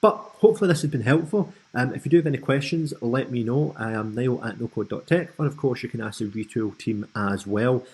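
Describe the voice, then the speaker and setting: Husky-voiced Scottish man teaching software. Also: mid-range voice, brisk, hardly any pauses, rough recording. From Scotland. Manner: casual and friendly, with frequent ums and asides. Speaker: tutorial host. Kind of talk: screen-recorded software tutorial.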